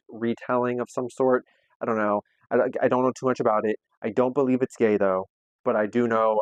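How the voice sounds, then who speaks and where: A man's voice: mid-range voice, no echo, muffled recording. A young man hosting a casual book haul vlog, chatty and playful with lots of slang, a little out of breath. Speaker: booktube host.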